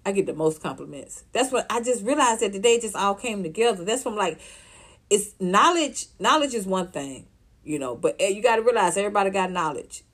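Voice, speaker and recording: A woman, ranting casually to her livestream viewers, profane and animated, often laughing. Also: mid-range voice. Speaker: vlogger reacting to viewer comments.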